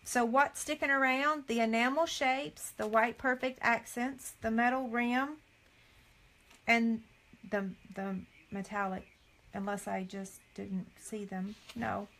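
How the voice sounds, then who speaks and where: A woman's voice: on the high side, level tone, slow, fairly bright tone. A middle-aged woman, chatting live with viewers as a craft demonstrator and reading items off a catalog, with frequent dismayed sighs. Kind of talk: casual live chat with viewers.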